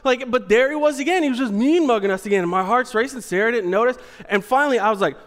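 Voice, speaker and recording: A man with a high voice tells a comic story from his own life to a live audience. He talks in an animated way, drops to near a hush, then builds back up loud. His voice rings with the long reverb of a large hall. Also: brisk. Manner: animated, swinging from hushed to loud and laughing.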